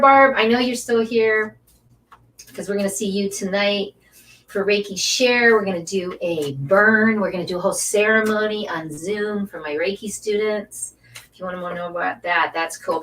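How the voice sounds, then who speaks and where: A woman with a mid-range voice, recorded on a distant mic, hosts a casual live stream as an angel card reader and Reiki teacher. Chatty and effusive, she spends her time cheering on her viewers.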